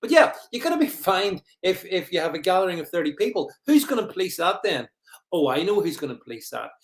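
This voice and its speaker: A man's voice: sits high, big pitch swings, fairly quick, echoey room. A man hosting a livestream, giving rambling, mocking commentary and greeting viewers. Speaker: livestream host. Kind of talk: sarcastic live commentary.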